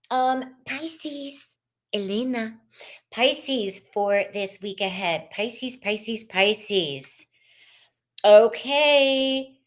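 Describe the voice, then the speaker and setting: A woman runs a live tarot reading in an easy, unhurried way. She chats freely, greets viewers by name and laughs often between the cards. Her voice sits at a middle pitch. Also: fairly bright tone. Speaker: tarot reader hosting a live stream.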